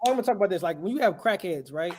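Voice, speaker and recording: A man's voice: high voice, animated, racing, background noise. A man preaching a street sermon in an emphatic, questioning way, throwing rhetorical questions at his listeners.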